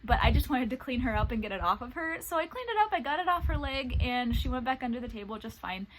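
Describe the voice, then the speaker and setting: A young woman telling stories from her life with a service dog in a chatty, animated vlog. Her voice sits a little high, and she slips into other people's voices when she quotes them. A faint hiss runs underneath. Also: fast talker, low-quality recording. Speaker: service dog handler and vlogger. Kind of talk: casual storytelling vlog.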